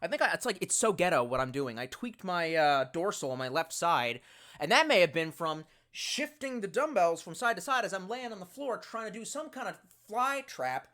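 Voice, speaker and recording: A man's voice: high voice, very animated, moderate pace, fairly bright tone. A young man hosting a casual livestream in a rambling, profane, exasperated way, talking into a headset. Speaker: livestream host. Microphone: bluetooth headset.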